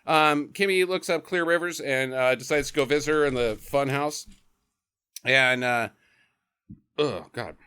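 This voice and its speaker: A man's voice: mid-range voice, unhurried, pauses often, clean tone. A man hosting a podcast, giving a casual, comedic movie recap with swearing and acted-out lines. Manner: animated, swears, acts out characters' lines. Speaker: podcast host.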